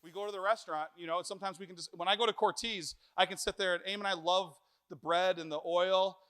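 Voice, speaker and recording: A middle-aged man preaching a sermon in church, telling stories with jokes and lively animation. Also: high voice, fast, clear, resonant tone. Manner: animated, joking storyteller.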